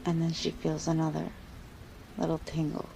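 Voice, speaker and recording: A woman's voice: low-pitched, flat delivery, moderate pace, vocal fry, mellow, slight background noise, rough recording. A woman casually telling a scary story aloud, with a loose, filler-heavy way of talking.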